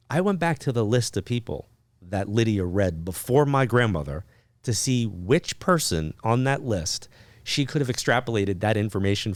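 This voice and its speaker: A man with a fairly low voice tells a personal story as a podcast guest, chatty and loose, sprinkling in fillers. He acts out bits of remembered dialogue with lively energy. The sound is dry and close, with no room echo. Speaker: podcast guest, psychic medium. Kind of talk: casual storytelling interview.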